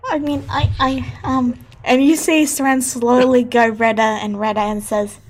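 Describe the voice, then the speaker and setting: High-voiced woman, slow and stammering. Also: fairly even intonation. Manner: stammering, apologetic in character. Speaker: player. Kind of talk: tabletop role-play.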